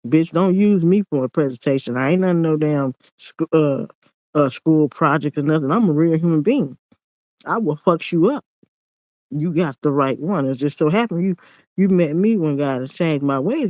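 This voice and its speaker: A man's voice: fairly high pitch, a little fast, darkish tone, dry recording, rough recording. A man, ranting in a casual monologue vlog, blunt and preachy and repeating himself.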